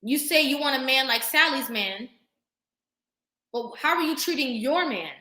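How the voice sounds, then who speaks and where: A young woman hosting a live stream, talking emphatically and preaching to her viewers, pausing now and then to thank them for their comments. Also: high voice, expressive, pushed and bright. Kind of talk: impassioned live-stream talk. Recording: roomy echo.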